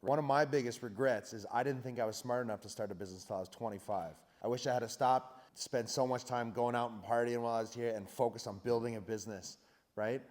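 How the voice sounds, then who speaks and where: Energetic man speaking in a reverberant hall. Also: mid-range voice, fast. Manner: energetic, self-mocking, emphatic. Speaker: founder on a panel. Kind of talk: animated panel storytelling. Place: conference hall.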